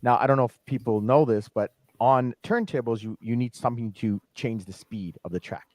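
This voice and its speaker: A man in his forties, a guest DJ, telling stories on a podcast in a lively, laughing way and swearing freely. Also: mid-range voice, no room sound. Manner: animated, swears freely, laughs often, quick asides. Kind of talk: casual podcast storytelling. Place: podcast studio.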